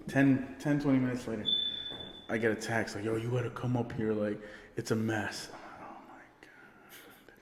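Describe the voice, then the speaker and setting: A man's voice: medium pitch, expressive, normal speed, long pauses, background noise. A man co-hosting a podcast, telling a rowdy party story with cursing, laughter and quoted voices. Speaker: podcast co-host. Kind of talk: casual storytelling chat. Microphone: podcast microphone. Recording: echoey room with long reverb.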